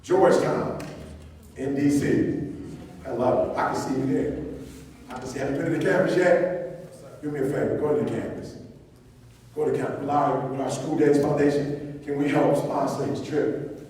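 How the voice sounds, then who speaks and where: Male motivational speaker, preachy and repetitive, loud peaks, echoey hall picked up from a distance. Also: fairly high pitch, steady tone, moderate pace, pauses often, slight background noise. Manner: preaching, repetitive, rises to near-shouting emphasis. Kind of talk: live motivational talk to students. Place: large hall with a live audience.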